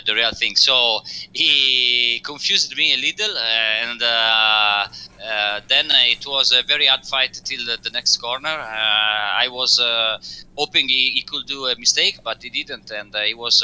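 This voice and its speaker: Guy, very bright clear voice, stops a lot looking for english words. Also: mid-range voice, rough recording. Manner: halting, searching for English words with many fillers. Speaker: race driver guest. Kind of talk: post-race interview over voice chat.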